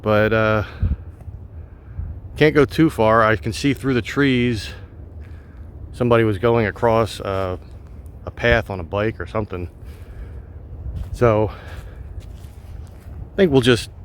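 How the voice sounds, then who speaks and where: A man vlogging while he walks wooded park trails, thinking aloud in a relaxed way with frequent pauses, filmed on a phone held on a gimbal. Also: lowish voice, a little hiss or hum. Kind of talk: casual walking narration.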